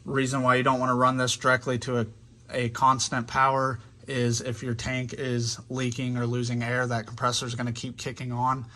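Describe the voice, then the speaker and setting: A man's voice: medium pitch, monotone, moderate pace, bright, forceful tone. Easygoing man explaining a truck install. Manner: casual, step-by-step explaining. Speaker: car channel host. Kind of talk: hands-on DIY install walkthrough. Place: vehicle workshop.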